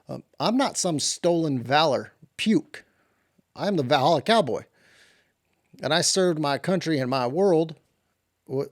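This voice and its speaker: A man's voice: fairly high pitch, natural voice. A man voicing a boastful, touchy cowboy who tells tall tales of his military service in a rambling, put-on accent. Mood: indignant. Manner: rambling, swaggering bravado.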